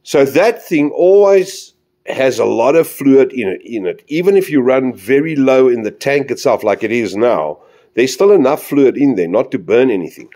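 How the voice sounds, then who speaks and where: A man's voice: mid-range voice, animated, moderate pace, mellow. A man chatting casually as he shows off a hobby project, rambling and talking straight to his viewers. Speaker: model railway hobbyist.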